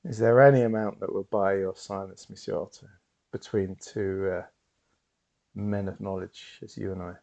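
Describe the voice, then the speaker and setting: A man's voice: deep voice, fairly even intonation, normal speed, gravelly. A man playing a grandiose stage hypnotist. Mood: sly. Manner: theatrical announcer voice, rising and loud. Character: showy male stage hypnotist, grand and smooth.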